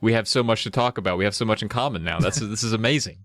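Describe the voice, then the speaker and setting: A man with a lowish voice banters on a movie podcast, full of jokey asides and quick reactions. The sound is dry and close to the mic. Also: fairly bright tone, no echo. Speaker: podcast co-host.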